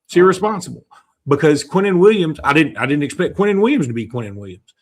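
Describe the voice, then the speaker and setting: A man's voice: a little high, animated, fast, darkish tone. A man from Alabama with a Southern American accent, co-hosting a casual sports talk show in a chatty, self-deprecating way. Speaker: co-host.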